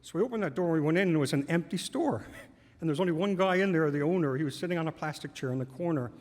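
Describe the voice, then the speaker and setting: A man's voice: fairly high pitch, racing, a little mellow. A man telling a personal story on stage to a live audience, conversational and amused. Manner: conversational, amused, laughs through lines. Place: stage in a large hall. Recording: long hall reverb.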